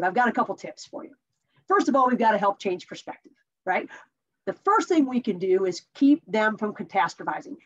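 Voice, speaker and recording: A woman's voice: medium pitch, big pitch swings, fairly quick. A woman giving a conversational coaching tip as a mindset coach, telling stories and asking rhetorical questions. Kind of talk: talking-head coaching tip. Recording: dull lo-fi recording.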